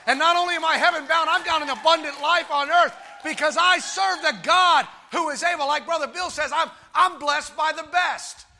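A man preaching with exuberant shouting and calling out to his congregation. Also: very high voice, moderate pace, few pauses. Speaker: pastor. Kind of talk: sermon.

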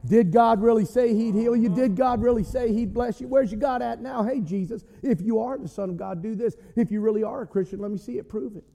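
A sneering male devil mocks and goads, played by a preacher. The voice is high-pitched and taunting. It rings through a large hall. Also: fairly quick, gravelly, hardly any pauses, dark tone.

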